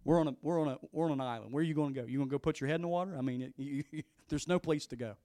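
Emphatic preaching man, fairly high voice. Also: very fast, mellow, no room sound, clean studio sound. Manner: emphatic, repeating exhortations. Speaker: pastor. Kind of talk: storytelling sermon.

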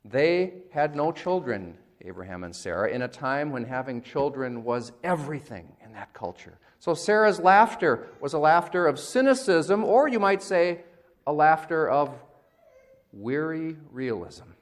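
A man's voice: a little high, lively intonation, measured pace. A male pastor giving a conversational, wry sermon and acting out quotes.

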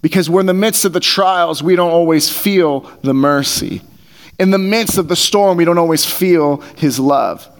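A man's voice: a little high, moderate pace. Earnest male pastor preaching. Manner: conversational, earnest, repeats phrases for emphasis. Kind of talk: sermon. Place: church hall. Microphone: headset mic taped to face.

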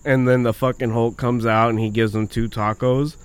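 A man telling stories in a casual, profane chat, getting excited and swearing constantly. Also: mid-range voice, brisk, smooth, no echo.

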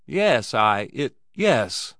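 A man's voice: mid-range voice, very animated, very slow, fairly bright tone, no echo, studio quality, full character voice. A man voicing a young fighter who has been beaten and answers weakly through shame. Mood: weak, defeated. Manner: weak, broken.

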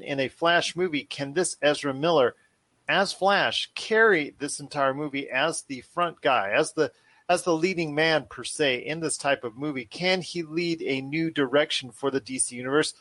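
Brief: eager male podcast host, slightly high voice, dry close recording, loops back on his phrases. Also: a bit bright, no echo. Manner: enthusiastic, repetitive phrasing, addresses guest as my friend. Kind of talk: casual podcast chat.

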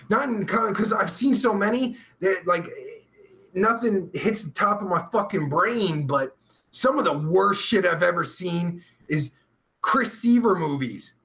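Reading viewer questions on his live stream, a man chats casually with a crude, blunt, and profane style. His voice is high-pitched, pushed, and bright.

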